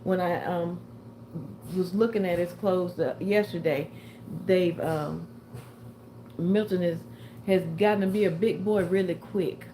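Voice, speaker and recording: A woman's voice: fairly low pitch, steady tone, unhurried, long pauses, mellow, slight background noise. An older woman chatting casually with viewers on a livestream, a little tired and short of breath. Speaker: livestream host.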